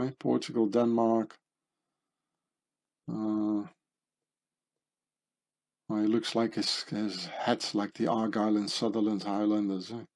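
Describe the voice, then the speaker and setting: A man's voice: fairly low pitch, a little mellow. A man talking in a meandering monologue over pictures, with many fillers and restarts. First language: German. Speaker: commentator. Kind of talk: rambling monologue over images.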